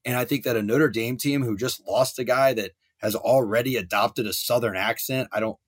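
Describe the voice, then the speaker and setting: A man co-hosting a casual sports betting chat, ranting in an animated, hyperbolic way. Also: medium pitch. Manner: animated, hyperbolic, rapid rants. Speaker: sports podcast co-host.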